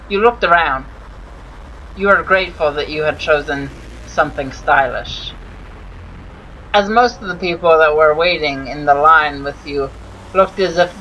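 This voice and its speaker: A man's voice: a little high, bright, forceful tone, slight background noise, poor audio. A man hosting a let's play, reading a dating sim's story aloud with amused asides. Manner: amused, narrating with laughs.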